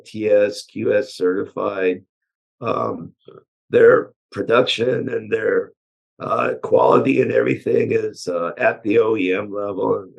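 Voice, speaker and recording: A man with a hoarse voice from allergies, a chassis engineer guest answering interview questions in a relaxed way, with many pauses and "uh"s. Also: fairly low pitch, lo-fi sound. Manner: relaxed, hesitant with frequent "uh" and "um". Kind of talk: casual technical interview answers.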